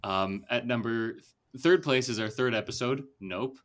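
A young man hosts a casual movie podcast, chatty and rambling, full of fillers and laughter. His mid-range voice has a fairly bright tone and he speaks at normal speed.

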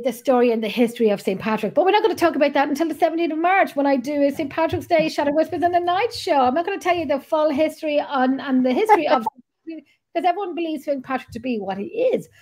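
A woman's voice: sits high, animated, quick pace, darkish tone. An Irish woman hosting a podcast, chatting casually in a blunt, jokey way with casual swearing. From Ireland. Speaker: podcast host. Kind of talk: casual chat.

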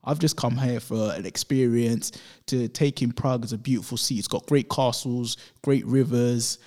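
A man's voice: mid-range voice, normal speed. A man from London telling travel stories in a casual chat, acting out the voices of the people he quotes. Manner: animated storyteller who acts out quoted voices.

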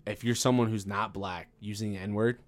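A man's voice: lowish voice, steady tone, moderate pace. A man, a comedian, in a casual podcast chat, reasoning aloud in rambling sentences that keep restarting. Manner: thoughtful, rambling with restarts, "I was about to say".

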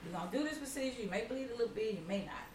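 A woman's voice: on the high side, lively intonation, very fast. A middle-aged woman, telling family stories in a casual chat. She acts out the quotes and laughs often. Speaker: mother telling her story. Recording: roomy, far from the mic, faint noise.

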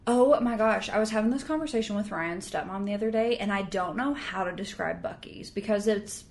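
A young woman co-hosting a podcast, her voice carrying a strong gravelly fry. She is supportive and chimes in quickly to agree. A faint rumble sits under the recording. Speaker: podcast co-host. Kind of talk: casual chat.

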